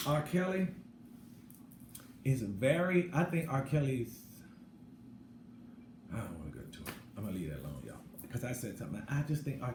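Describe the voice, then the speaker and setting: A middle-aged man talking bluntly in a casual commentary monologue, swinging between loud outbursts and low asides. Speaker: channel host. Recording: echoey room with background noise.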